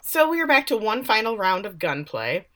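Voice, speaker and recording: A woman's voice: mid-range voice, very animated, moderate pace, sharp tone. A woman co-hosting a podcast, chatting through a TV episode and acting out the characters' lines. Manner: chatty, laughing, acts out quotes. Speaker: podcast co-host. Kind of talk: casual recap chat.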